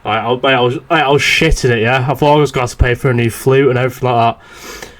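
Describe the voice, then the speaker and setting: Casting note: young guy, podcast host, sweary and rambling, mid-pitched everyday voice. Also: steady tone, fast talker, fairly bright tone. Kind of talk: casual chat, swearing anecdote.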